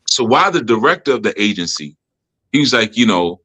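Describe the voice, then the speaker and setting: A podcast host and spiritual teacher tells stories in a loose, slangy, casual chat, laughing often. His lowish voice is very animated and fairly quick, pushed and bright with a slightly rough quality.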